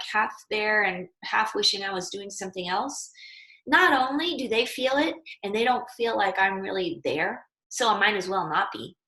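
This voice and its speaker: A woman's voice: medium pitch, bright, forceful tone, roomy sound, rough recording. A woman yoga teacher giving a casual, earnest and encouraging spoken lesson with conversational fillers.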